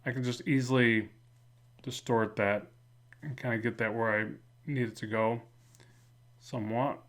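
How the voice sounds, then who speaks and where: A man with a slight lisp, talking through a drawing in a relaxed, rambling way as a comic art instructor. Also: medium pitch, unhurried. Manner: relaxed, rambling, many fillers and restarts. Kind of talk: casual drawing tutorial narration.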